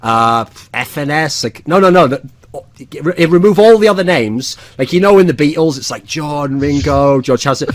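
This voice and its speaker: A man's voice: fairly high pitch, animated, normal speed, few pauses, no echo. Casting: man, podcast host, joking and teasing, dry close-miked sound. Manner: teasing, joking, lots of laughing asides. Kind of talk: casual podcast chat.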